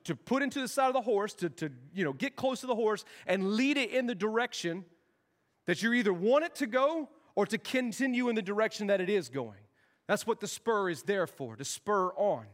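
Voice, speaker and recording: Male youth pastor, 40s, high-pitched, playful storyteller, long hall reverb. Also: fairly bright tone. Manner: joking, storytelling, acts out dialogue. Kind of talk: sermon.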